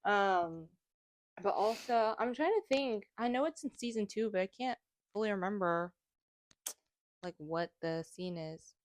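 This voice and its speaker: A woman's voice: mid-range voice, animated, measured pace, long pauses, no room sound. A young woman co-hosting a podcast, chatting casually and retelling scenes with giggles and lots of fillers. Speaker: podcast co-host. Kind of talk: casual chat.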